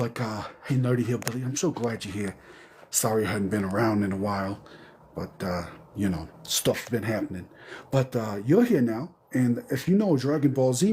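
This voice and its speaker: A man live streaming from a garage, talking in a meandering, offhand, deadpan way. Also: mid-range voice, a little hiss or hum. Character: undead zombie entertainer persona, man. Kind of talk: rambling comedic live stream.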